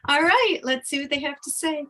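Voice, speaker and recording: A woman hosting a call-in channeling session as a medium, gentle and affectionate toward her callers. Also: high voice, animated, a little fast, low-quality recording. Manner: gentle, affectionate, calls people sweetheart. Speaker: host, psychic medium.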